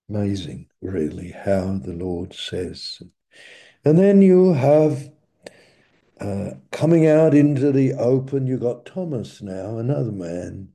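A man preaching a sermon in a slow, reflective way, often sinking to a quiet murmur. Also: on the low side.

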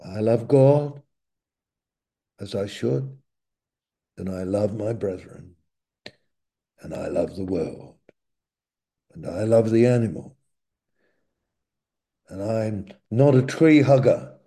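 A man preaching a sermon in a slow, reflective way, often sinking to a quiet murmur. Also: mid-range voice.

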